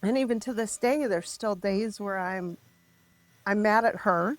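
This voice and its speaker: Middle-aged woman guest on a podcast, emotional and halting, mid pitch, super dry sound. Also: dry recording. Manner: raw, emotional, halting with restarts. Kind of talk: candid personal storytelling.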